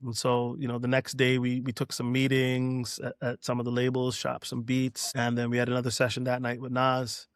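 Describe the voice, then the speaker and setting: A middle-aged man from Canada tells a relaxed story as a podcast guest and slips into quoted dialogue along the way. His pitch stays level and sits in a middle register. The sound is close and dry, with no room around it. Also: normal speed, hardly any pauses, clear, resonant tone, no room sound. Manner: relaxed anecdote-telling, acting out quoted dialogue. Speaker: guest, DJ and producer. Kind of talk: casual storytelling in a podcast interview.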